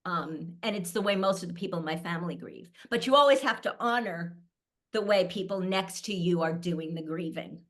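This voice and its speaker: A woman's voice: lowish voice, normal speed. A middle-aged woman speaking candidly as a panel guest, telling stories and laughing often. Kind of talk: conversational panel talk.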